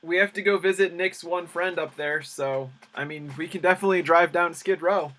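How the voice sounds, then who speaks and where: Easygoing man with a slightly high voice. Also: fairly even intonation, moderate pace, bright, forceful tone. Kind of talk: casual chat on a live stream.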